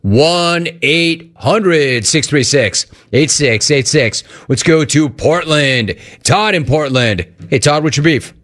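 Radio host guy, super animated voice, jokey, taking calls. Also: on the high side. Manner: animated, joking, rapid-fire.

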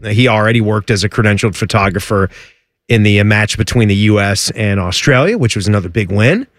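A man's voice: fairly quick, no room sound, clean studio sound. A man co-hosting a sports radio show in casual, joking chat. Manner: animated, jumps high in pitch when joking.

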